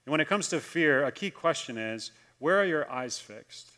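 A pastor delivers his sermon in a voice pitched a little higher than most men's. He tells the stories with momentum, then slows and lowers his voice for the key points. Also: lively intonation. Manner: storytelling, slows for emphasis and drops soft on key lines.

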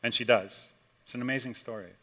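A man, a pastor, preaching a conversational sermon and telling a story casually, swinging between loud and hushed. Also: mid-range voice, a little fast, husky.

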